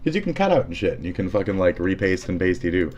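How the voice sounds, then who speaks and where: A man's voice: sits low, very animated, fast talker, darkish tone, lo-fi sound, slight background noise. A man live streaming as he shows off an editing program, rambling and swearing in a sarcastic, mocking way, often trailing off into mutters. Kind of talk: casual profane streaming chat.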